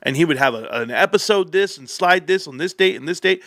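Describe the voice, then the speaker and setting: A man hosting a livestream, telling a long story in a rambling, animated way, with profanity, restarts and side remarks. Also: high-pitched, brisk, dry recording, clean studio sound. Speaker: livestream host.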